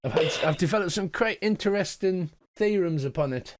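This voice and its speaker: A man's voice: high voice, fairly quick, pitched above the performer's own voice, close to an everyday voice. A man voicing an ancient male construct who rambles and muses about free will. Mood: musing. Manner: chatty, musing, rambling.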